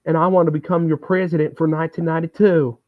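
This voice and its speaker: A man putting on the voice of a folksy male governor giving a campaign speech in a raised, smooth voice. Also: on the high side, flat delivery, fast, no echo, voice pushed up, natural voice. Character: middle-aged male Southern governor running for president, folksy and smooth. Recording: tinny, phone-like, dry sound.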